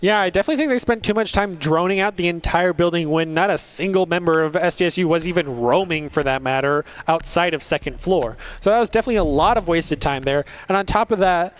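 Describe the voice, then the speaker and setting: A man's voice: fairly high pitch, fast talker, hardly any pauses. A man casting an esports match, breaking down tactics in a detailed, conversational way. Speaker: esports caster. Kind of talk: play-by-play commentary. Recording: noisy background.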